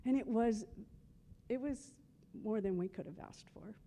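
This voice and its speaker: A woman's mid-range voice, gravelly and dark, moves at a measured pace as she eulogizes her husband at a memorial. She shares humorous stories and acts out conversations she remembers.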